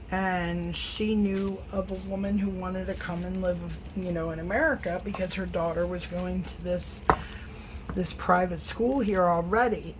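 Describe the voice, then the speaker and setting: A woman's voice: lowish voice, a little mellow, a little hiss or hum, rough recording. A middle-aged woman, an acrylic pour artist, chatting casually and rambling while she paints in her home studio. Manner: chatty, rambling, self-teasing.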